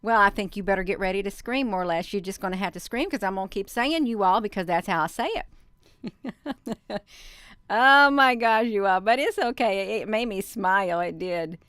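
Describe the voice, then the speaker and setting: A woman's voice: mid-range voice, animated, normal speed, dry recording. A middle-aged woman hosting a casual live stream, chatty and laughing often, with plenty of ums, who keeps saying "you all.". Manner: says "you all" instead of "y'all". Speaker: channel host.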